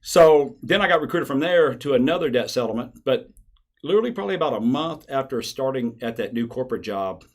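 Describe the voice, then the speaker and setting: A man appearing as a podcast guest and telling his story in a casual, animated way, acting out the dialogue as he goes. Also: medium pitch, fairly quick.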